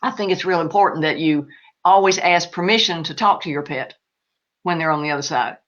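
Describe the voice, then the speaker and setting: A woman answering live questions as an animal spirit medium, emphatic and animated. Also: lowish voice, brisk, highs cut off.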